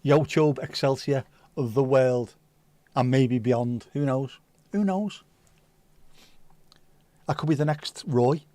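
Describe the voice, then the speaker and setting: A man's voice: mid-range voice, fairly even intonation, a little slow, mellow, no room sound. A man, hosting a livestream and chatting casually with viewers, telling comic stories and swearing freely. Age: 50s. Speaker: livestream host. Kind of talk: casual chat reading viewer comments.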